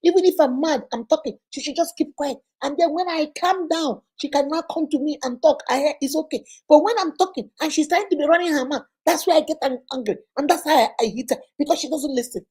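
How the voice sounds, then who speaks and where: A woman voicing a hot-tempered man who hits his wife, loud and indignant as he justifies himself. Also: high voice, fairly quick, hardly any pauses, natural voice. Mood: defensive.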